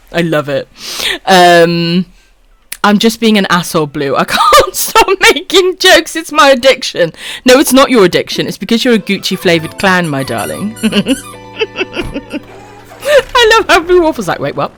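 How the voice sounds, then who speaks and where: Lively Welsh woman streamer, swearing and giggling. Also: on the low side, normal speed, faint music behind. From Wales. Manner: affectionate, swears freely, laughs often. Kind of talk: casual live-stream chat reading comments.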